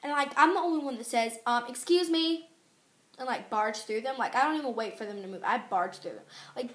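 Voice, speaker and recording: A teenage girl vlogging in a casual, exasperated rant, chatty and quick to complain. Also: fairly high pitch, lively intonation, fairly bright tone. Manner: ranting, exasperated, fast and chatty. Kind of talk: casual chat to camera. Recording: echoey room.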